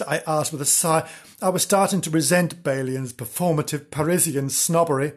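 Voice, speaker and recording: A man narrates his own misadventures in a scripted, first-person telling full of dry humour. His voice is somewhat husky and sits a little on the high side for a man. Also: moderate pace.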